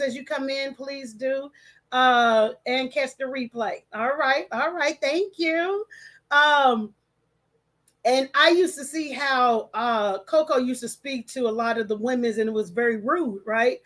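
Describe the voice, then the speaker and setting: High-pitched woman going live from home, chatty, reads out comments, trips over names. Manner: chatty, warm greetings, stumbles over names. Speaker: livestream host. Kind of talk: casual livestream chat, reading comments aloud.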